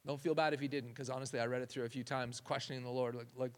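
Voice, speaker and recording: A man's voice: mid-range voice, steady tone, fast. A man giving a conversational sermon, often restarting phrases and saying "like". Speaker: preacher.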